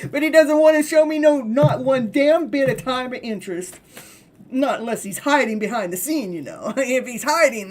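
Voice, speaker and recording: A woman giving a live tarot reading in a chatty way, laughing often and acting out voices for the figures in the cards. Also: mid-range voice. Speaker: tarot reader.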